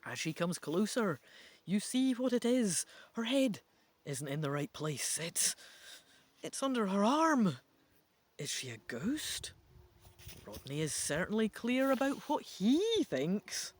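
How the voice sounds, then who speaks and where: A man reading an adventure gamebook aloud, stopping to muse out loud over each choice. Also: sits high, big pitch swings, slow. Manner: musing, thinking out loud. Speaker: gamebook reader.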